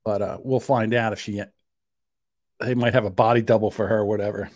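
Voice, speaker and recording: A man co-hosts a casual podcast, rambling, joking and laughing often. His voice sits on the low side, a little fast and a little mellow, with fairly even intonation, and the studio recording is clean and dry.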